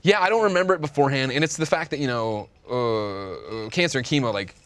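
A man's voice: medium pitch, quick pace, a bit bright, dry recording. A man in his thirties talking candidly and rambling in a casual podcast conversation, full of restarts. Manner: rambling, candid, self-deprecating with many restarts. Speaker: podcast guest.

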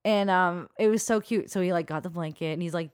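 A woman's voice: lowish voice, a little fast, smooth, dry recording, clean studio sound. A woman telling a long dating story in casual podcast chat, full of fillers and laughs.

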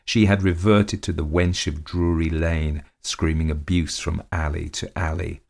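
Very deep-voiced male story narrator. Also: flat delivery, gravelly, a little mellow. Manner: measured, dramatic storytelling.

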